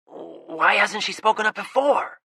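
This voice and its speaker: A woman plays an eager, impulsive boy in an audiobook. The voice is bright and animated, with a husky grain, close and dry. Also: mid-range voice, measured pace, no room sound, pitched above the performer's own voice, full character voice. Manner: eager, blunt. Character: boy, impulsive bold younger brother.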